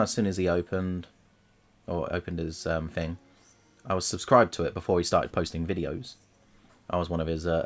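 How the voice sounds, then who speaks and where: A man, chatting casually and jokingly while streaming himself painting miniatures. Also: low voice. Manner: chatty, jokey, rambling. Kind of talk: casual chat.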